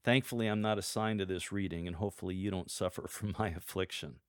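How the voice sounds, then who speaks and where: A man coaching church lectors in a measured, scripted teaching style, reading sample lines aloud to show how they should sound. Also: sits low, steady tone, no echo, clean studio sound.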